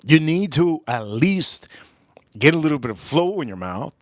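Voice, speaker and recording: Speaking at normal speed in a dry, studio-quality recording, a male whiskey reviewer runs a livestream. Between crude jokes and meandering tangents he reads out viewers' chat messages, with lively pitch swings that leap higher when he exclaims.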